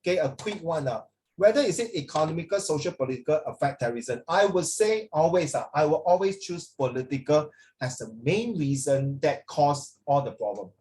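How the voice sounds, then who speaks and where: A man's voice: a little high, animated, fairly quick, a little mellow, rough recording. A middle-aged man with a Singaporean English accent, giving a blunt, opinionated classroom lecture and slipping into Mandarin. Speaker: teacher.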